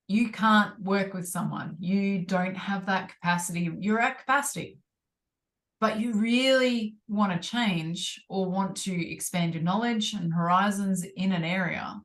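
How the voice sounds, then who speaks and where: A woman co-hosting a podcast in casual chat, speaking in a thoughtful, encouraging and steady way. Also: mid-range voice. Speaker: podcast co-host.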